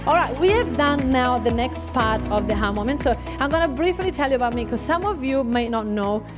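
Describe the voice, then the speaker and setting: A woman's voice: high voice, animated, brisk, music in the background. A woman with an Italian accent, a native Italian speaker, chattily telling her business story to an audience and laughing often. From Italy. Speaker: business coach and podcast host.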